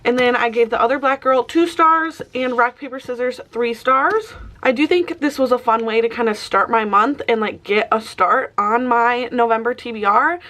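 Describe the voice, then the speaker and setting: A woman's voice: a little high, normal speed, few pauses, pushed and bright. A young woman vlogging casually about books, chatty and full of "like" fillers. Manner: chatty, peppered with "like". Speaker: book vlogger. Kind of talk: casual vlog chat.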